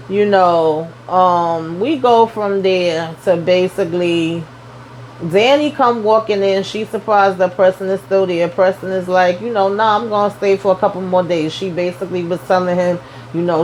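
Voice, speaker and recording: A woman's voice: on the low side, a little hiss or hum, poor audio. Sassy chatty woman recapping a show. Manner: chatty and sassy, lots of slang asides. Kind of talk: casual recap vlog.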